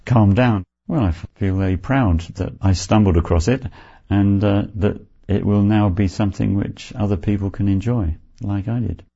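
A man's voice: on the low side, moderate pace, gravelly, few pauses, warm tone, breathy edge, lo-fi sound. A man volunteer telling in an interview, in a plain and modest way, how he came across a document. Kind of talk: interview recollection.

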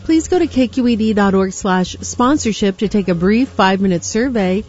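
A woman station announcer reading underwriting and schedule announcements in a steady read. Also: medium pitch, moderate pace. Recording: slightly muffled broadcast audio with faint music.

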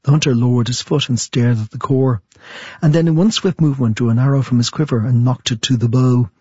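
A man interviewed as an author, answering thoughtfully and reading aloud from his book in a measured storytelling manner. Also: medium pitch, steady tone, darkish tone, breathy edge, no room sound, highs cut off.

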